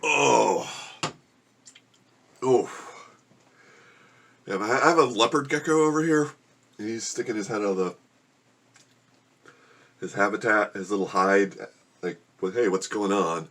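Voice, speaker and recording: A man with a somewhat low voice talks casually to the camera from his room at home. He groans and complains as he struggles through a very spicy meal. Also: takes it slowly, long pauses, fairly bright tone. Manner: groaning and complaining while eating spicy food. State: suffering from spicy food. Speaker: vlogger. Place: home room with a gecko habitat.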